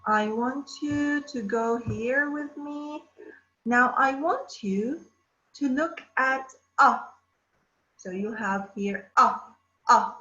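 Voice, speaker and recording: A woman teaching an English lesson to children, drawing out words slowly and asking the class questions. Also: on the high side, sharp tone. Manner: slow, drawn-out words, addressing children. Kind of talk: distance-learning phonics lesson. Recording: roomy, dull lo-fi sound.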